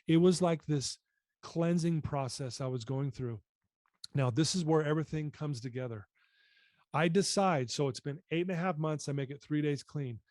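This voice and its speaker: A man's voice: fairly high pitch, a little mellow, no room sound, studio quality. A man in his fifties telling his personal story as a podcast guest, earnest and emotional.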